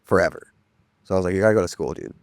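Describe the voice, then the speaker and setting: A man who co-founded a treatment center, talking quickly and directly in a casual podcast conversation. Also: deep voice, no echo.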